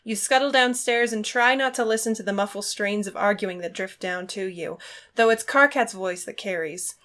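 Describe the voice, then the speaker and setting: A woman reading a fan fiction story aloud as narrator, steady and expressive. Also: mid-range voice, normal speed.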